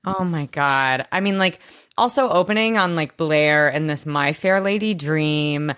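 Casting: young woman, lowish voice, chatty podcast co-host, dry close sound. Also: a little slow, a bit bright, clear, resonant tone, no echo. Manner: chatty, swears casually, bursts into impressions. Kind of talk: casual chat recapping a TV show.

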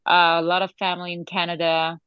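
Low-voiced woman with a French accent. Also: fairly quick, clean tone, no room sound, highs cut off. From Lebanon, raised in France. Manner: relaxed, chatty, laughs often. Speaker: guest, singer. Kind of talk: casual interview chat.

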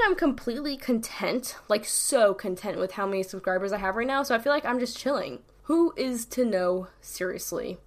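A young adult woman from New York with a New York accent, chatting casually to camera with rambling, slang-heavy talk full of "like" and "literally". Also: a little high. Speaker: YouTuber.

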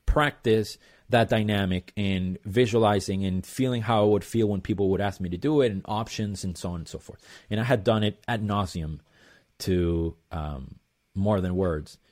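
A man with a somewhat low voice recounts his own story as an interview guest. He talks loosely and casually, drifting through asides and fillers as he goes. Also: normal speed, darkish tone. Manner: rambling, loose, lots of fillers and "blah blah". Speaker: percussionist guest.

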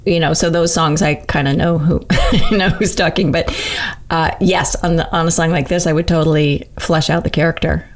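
A woman's voice: low-pitched, fairly even intonation, normal speed. A woman singer-songwriter in a casual interview, talking through her craft candidly, swearing freely and laughing often. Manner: candid and profane, laughs often, talks through ideas aloud.

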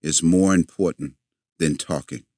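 A man guesting in a conversation, telling a story in an animated way, repeating words as he goes and acting out the lines of the people in it. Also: very deep voice, measured pace, no echo, studio quality. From a city, with family in the American South.

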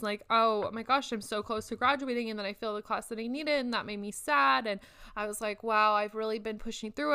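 A young woman in her twenties chats to her viewers in a relaxed, reflective vlog. Her voice is smooth and clear, sitting at an ordinary middle pitch. She leans on "like" as a filler as she talks things through. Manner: chatty, reflective, frequent "like" fillers. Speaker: vlogger. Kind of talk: casual personal talk to camera.

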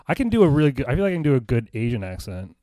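A man co-hosting a casual podcast from a bedroom, rambling and self-conscious, often trailing off quietly. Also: mid-range voice, big pitch swings, rapid-fire, no room sound. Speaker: podcast co-host. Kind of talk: casual chat. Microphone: podcast mic in a bedroom.

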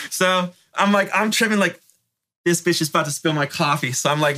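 A man from Northern California tells his story in a bright, slightly high voice. He speaks in rough street slang and loose, animated asides, and he keeps checking in with "right?" as he goes. He sounds like a middle-aged interview guest spinning a yarn. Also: fairly quick. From North Bay, California.

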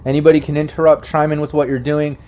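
A man running a tabletop game, with a voice sitting a little high for a man. He narrates casually and curses freely. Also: level tone, fast talker, mellow. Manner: casual, profane, acts out the captive in a raised voice. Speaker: game master.

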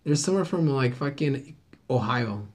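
A man's voice: mid-range voice, lively intonation, normal speed, a little mellow. A man in his thirties, a comedian telling stories in a casual chat, swearing a lot and saying dude and bro. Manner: laid-back storytelling, heavy swearing, says dude and bro. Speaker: comedian, podcast host.

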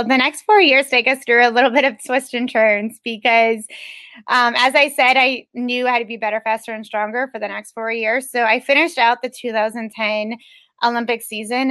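A woman's voice: on the high side, fairly bright tone, dry recording. A woman who is an Olympic speed skater, telling her story as a podcast guest in an earnest, emphatic, determined way. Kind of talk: personal storytelling in a podcast interview.

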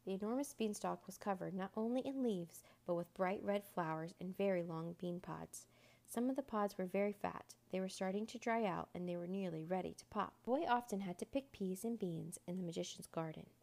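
Gravelly-voiced woman reading a storybook. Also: on the low side, normal speed, mellow. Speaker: narrator. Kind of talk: children's book read-aloud.

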